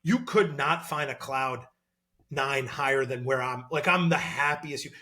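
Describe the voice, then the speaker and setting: A man in his thirties, a former college football player, talking as a podcast guest in an animated, excitable way with lots of fillers. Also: mid-range voice, measured pace. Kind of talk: casual podcast interview.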